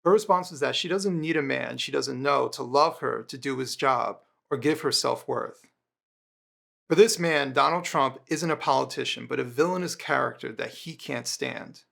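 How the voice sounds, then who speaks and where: A man giving scripted narration in a measured, explanatory manner. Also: mid-range voice, creaky, fairly bright tone.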